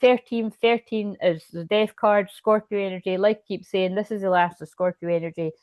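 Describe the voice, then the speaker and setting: A woman's voice: medium pitch, steady tone, normal speed, a little mellow, no room sound. A woman doing a casual tarot reading as a psychic medium, talking in a rambling way, breaking off mid-sentence and laughing often, with hiccups. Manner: rambling, self-interrupting, chatty with frequent laughs.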